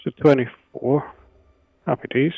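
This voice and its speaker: A man playing in a tabletop game, talking quickly and offhandedly about his rolls. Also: mid-range voice, gravelly, no echo, muffled recording. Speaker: player. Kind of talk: casual tabletop game chat.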